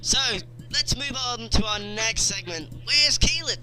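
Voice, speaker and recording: A man co-hosting a podcast, excitable and incredulous in casual comedy chat. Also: extremely high pitch, a little slow, music in the background. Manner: excitable, reads out posts incredulously. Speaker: podcast co-host.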